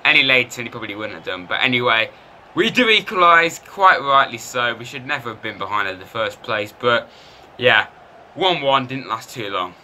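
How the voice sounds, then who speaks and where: A man commentating his football video game in a lively, self-mocking way. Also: mid-range voice, normal speed, slight background noise. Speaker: gaming YouTuber.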